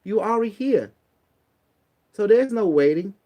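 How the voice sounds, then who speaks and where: A man's voice: sits high, expressive, measured pace, dark tone. Blunt streetwise man giving preachy advice. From Cambodia. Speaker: online talk host. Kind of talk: casual motivational talk.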